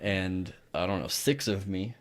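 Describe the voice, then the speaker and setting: A man with a fairly low voice co-hosts a casual podcast, telling a long, rambling story about a night out. He swears freely and teases his co-host as he goes. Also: a little slow.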